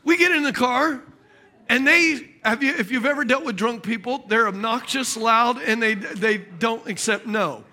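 Male preacher, high bright voice, animated comic sermon style. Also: moderate pace. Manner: animated, jokey, calls out to the congregation.

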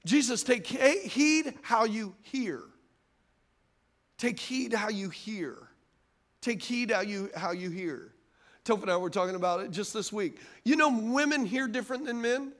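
A man in middle age delivers a sermon as pastor. His voice sits unusually high for a man. He preaches in a lively, conversational way, often turning to the congregation with asides. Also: measured pace.

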